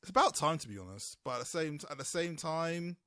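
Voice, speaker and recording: Fast-talking man chatting on a podcast. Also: on the high side, expressive, pushed and bright, dry recording, clean studio sound. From United Kingdom. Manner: rapid, rambling, with many restarts and laughs. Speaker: podcast co-host. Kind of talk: casual podcast chat.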